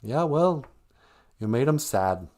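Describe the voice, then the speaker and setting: A man's voice: mid-range voice, lively intonation, takes it slowly, darkish tone. A man hosting a live stream, chatting casually in a joking, rambling way and reading out viewer comments. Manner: joking, rambling, reads chat comments aloud.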